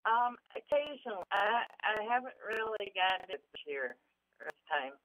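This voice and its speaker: An older woman calling in to a radio show, giving slow, brief answers. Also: mid-range voice, animated, fairly bright tone, no room sound. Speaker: caller. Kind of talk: casual call-in chat. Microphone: telephone. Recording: tinny phone line.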